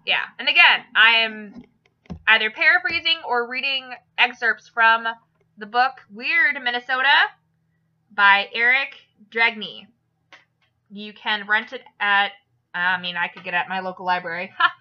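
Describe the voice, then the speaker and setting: Chatty woman podcast host, animated storyteller; higher voice, dull lo-fi recording. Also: a little slow. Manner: animated, jokey storyteller with fillers. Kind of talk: casual joke-telling chat.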